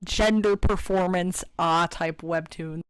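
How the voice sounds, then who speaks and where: A woman's voice: lowish voice, steady tone, slow, smooth, no room sound, clean studio sound. A woman giving sarcastic, exasperated commentary while reviewing a webcomic, with frequent swearing. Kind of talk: casual commentary reading.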